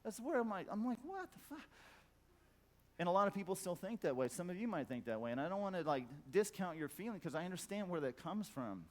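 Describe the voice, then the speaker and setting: A man's voice: expressive, fast, hardly any pauses. Blunt, profane man giving a fired-up talk. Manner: blunt, profane, emphatic repetition; acts out quoted voices in a loud high squawk. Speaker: conference speaker. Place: conference hall.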